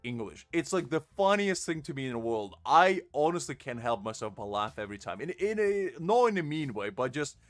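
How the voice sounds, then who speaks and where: A man's voice: mid-range voice, sing-song, brisk, few pauses, no room sound, faint music behind. A tired man streamer in casual live-stream chat, joking and answering his chat. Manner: jokey, laughs often, reads chat aloud. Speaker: game streamer.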